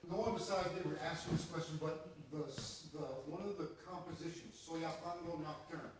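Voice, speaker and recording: A high-voiced man in the audience asks a careful, curious question with a few halting restarts. He is heard from far away in a very echoey room over steady noise. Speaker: audience member.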